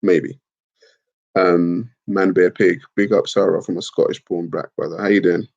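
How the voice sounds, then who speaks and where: A man's voice: low-pitched, fairly even intonation, moderate pace, vocal fry, a little mellow. Laid-back man on a stream. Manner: laid-back, slangy, swears, laughs at comments. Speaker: livestream host. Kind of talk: casual livestream chat reading comments. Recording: dull lo-fi stream audio.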